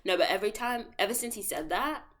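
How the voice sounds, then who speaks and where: A woman's voice: mid-range voice, animated, fast, fairly bright tone. A young adult woman vlogging in a casual, rambling monologue, full of playful slangy asides and self-interruptions. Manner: rambling, self-interrupting, jumps between topics.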